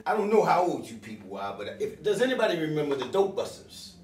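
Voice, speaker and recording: A man's voice: very animated, fast, slight background noise. Fiery older man, roomy and distant. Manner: fiery and emotional, calls out to the crowd, swings from loud to low. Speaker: audience member at a community town hall. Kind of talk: impassioned public speech. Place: bookstore meeting room. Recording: echoey room, voice from far off.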